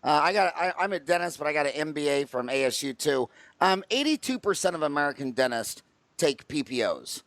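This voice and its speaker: A man hosting a dental podcast interview, speaking in a slightly higher register. He asks blunt questions quickly and cuts in often. His voice sounds dry and close to the mic. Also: sing-song, fairly bright tone, no room sound. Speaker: podcast host and dentist.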